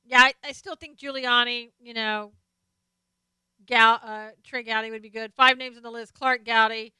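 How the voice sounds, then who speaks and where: A woman's voice: fairly high pitch, fairly even intonation, moderate pace, sharp tone, clear, resonant tone, no room sound. A woman hosting a live stream, casually chatting about politics and answering viewer comments as she reads them out. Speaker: live stream host reading chat.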